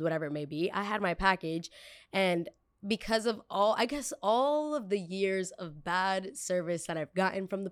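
A woman hosting a podcast, telling a personal story in a casual, animated way and acting out what people said. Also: medium pitch, dry recording, studio quality. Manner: animated, acts out quotes, many fillers. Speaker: podcast host.

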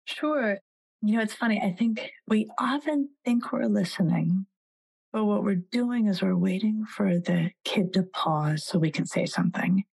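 A woman's voice: medium pitch, measured pace, creaky, a little mellow, husky, rough recording. A woman in her forties, a psychologist and author, talking as a guest in a podcast interview and animatedly telling stories, acting out the voices of the people she quotes.

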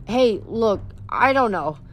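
A woman's voice: mid-range voice, lively intonation, soft background music. A woman voicing a wisecracking, jumpy teenage boy mechanic in a read-aloud storybook. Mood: nervous. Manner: joking, fast-talking.

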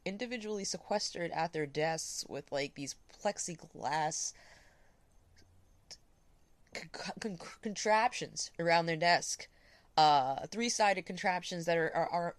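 A woman's voice: sits low, dry recording. A woman hosting a solo podcast, reading blog posts aloud and breaking off with blunt, profane, scornful remarks. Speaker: podcast host.

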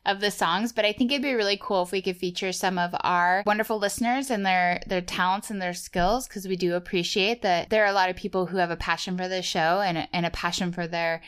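Smooth-voiced woman podcast co-host. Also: on the low side, fairly even intonation, a little fast, few pauses, a bit bright. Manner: playful, laughs often. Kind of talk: casual chat.

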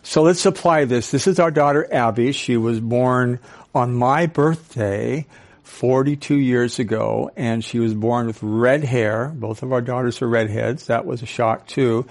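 Older male speaker, sixties, animated, audience questions, storytelling. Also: medium pitch, unhurried. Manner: storytelling with acted-out quotes. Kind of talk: talk to a live audience.

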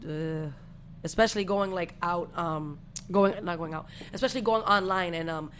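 A woman's voice: lowish voice, normal speed, a little hiss or hum. A young adult woman, hosting a podcast and telling a story in casual chat full of swearing. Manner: profane, animated storytelling. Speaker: podcast host.

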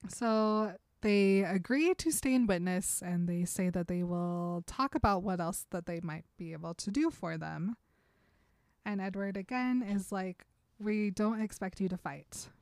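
A woman's voice: medium pitch, a little slow, a little mellow, no echo. A woman co-hosting a casual chat, retelling scenes and paraphrasing what characters say, with frequent laughter. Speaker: podcast co-host recapping a book.

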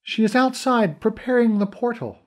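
A man's voice: extremely high pitch, normal speed, voice pushed up. A man reading a stern, formal fae woman warrior, speaking in clipped phrases without contractions.

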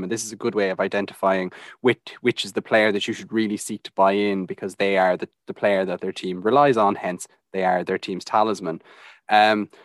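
A man, co-hosting a podcast in a measured, explanatory way. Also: fairly low pitch, dry recording. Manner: measured, explanatory, data-heavy. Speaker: podcast co-host. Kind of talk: analytical podcast chat.

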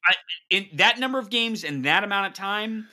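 A man co-hosting a sports podcast, reading listener questions in an animated, teasing way. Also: high voice, moderate pace. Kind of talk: casual chat.

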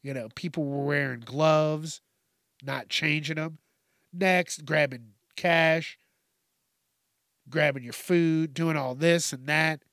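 A man's voice: fairly high pitch, slow, long pauses, fairly bright tone, no echo, clean studio sound. A man hosting a podcast, delivering a profane comedic rant and laughing at his own jokes. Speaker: podcast host.

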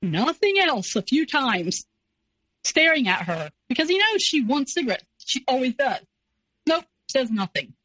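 A woman in her forties, an interview guest telling a personal story in a casual, animated way. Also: high voice, normal speed, dry recording, poor audio. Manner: animated, acts out quoted voices.

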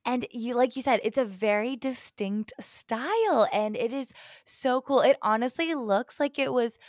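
A woman's voice: fairly high pitch, unhurried, dry recording. Encouraging woman host, dry close sound. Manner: warm, encouraging reactions, many "aw"s. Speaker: podcast host. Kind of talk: casual interview chat.

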